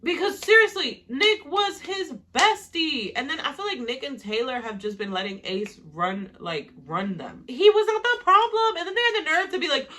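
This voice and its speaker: A woman's voice: high-pitched, very animated, normal speed, few pauses, background noise. A woman recapping a reality show in casual commentary, ranting in a heated, profane, exasperated way.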